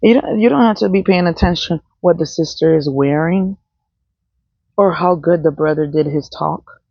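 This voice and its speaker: Blunt, profane woman with a gravelly voice. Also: lowish voice, normal speed, dry recording. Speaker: vlogger. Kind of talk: unscripted monologue. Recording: dull, dry, lo-fi sound.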